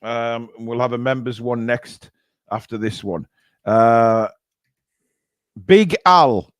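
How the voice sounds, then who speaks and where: An unhurried man with a mid-range voice hosts a charity live stream, reading out donations in a casual chat. He laughs at the cheeky comments and reads super chats with put-on outrage, with no room sound in the recording.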